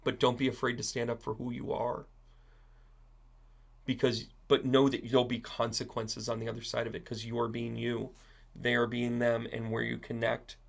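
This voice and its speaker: A man with a gravelly, creaky voice talks straight to his live-stream viewers. He is blunt and swears freely, sliding from easy chat into heated rants. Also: medium pitch, monotone, moderate pace. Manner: blunt and profane, given to rants. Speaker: psychic medium hosting a live stream.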